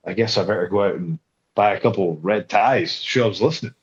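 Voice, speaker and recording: A man as an interview guest, spinning a story with lively energy and slipping into quoted voices. His voice sits fairly low. The recording sounds a little muffled and lo-fi. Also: quick pace. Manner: animated, acts out quoted voices, frequent restarts. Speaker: guest wrestler. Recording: slightly dull lo-fi sound.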